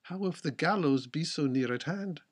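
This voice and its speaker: A man's voice: a little high, expressive, normal speed, slightly rough. A proud young earl's daughter, voiced by a man. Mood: insistent.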